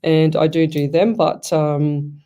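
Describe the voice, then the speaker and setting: Mellow woman hosting radio. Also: low-pitched, flat delivery. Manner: rambling, pausing, restarting phrases. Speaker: radio host and psychic medium. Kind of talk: live radio talk.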